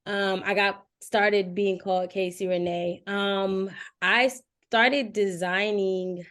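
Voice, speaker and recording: A woman guest on a podcast who tells her stories in a candid, easygoing way. She laughs often. Her voice sits at an ordinary pitch for a woman. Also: steady tone, slow pace, fairly bright tone. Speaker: guest, design agency owner. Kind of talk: casual interview chat.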